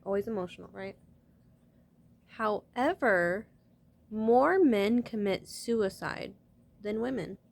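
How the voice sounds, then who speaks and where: Speaking slowly with vocal fry and long pauses, a young woman in a mid-range voice opens up to camera about something personal and emotional. She's a vlogger addressing her viewers earnestly and from the heart, wandering off and starting her sentences over.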